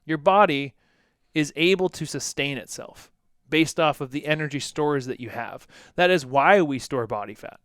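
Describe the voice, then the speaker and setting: A man co-hosting a casual fitness podcast as a coach, talking animatedly and acting out quotes in lively voices. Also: on the high side, moderate pace, clear, resonant tone, no room sound, studio quality.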